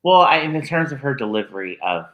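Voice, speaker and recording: A man's voice: mid-range voice, big pitch swings, fast talker, highs cut off. A man co-hosting a podcast in casual chat, agreeable and laughing a lot as he recaps. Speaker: podcast co-host.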